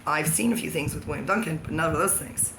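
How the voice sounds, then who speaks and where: A woman's voice: sits low, quick pace. A woman in a rambling vlog monologue, free-associating and jumping from thought to thought, often laughing as she talks. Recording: background noise.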